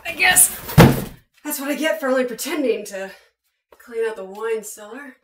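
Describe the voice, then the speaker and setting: A woman's voice: on the high side, lively intonation, moderate pace, close to an everyday voice. A woman acting a wry, nervous housewife who talks to herself in a comedy drama. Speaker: actor playing a housewife. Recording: echoey room from far off, loud noise.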